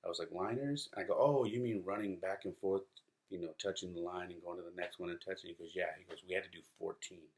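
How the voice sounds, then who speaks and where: A man's voice: deep voice, fairly even intonation, fast. A man in his thirties hosting a casual podcast, rambling through stories with fillers and restarts and acting out his sons' quoted words. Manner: acts out quoted voices of his sons. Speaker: podcast host. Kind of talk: casual solo podcast talk.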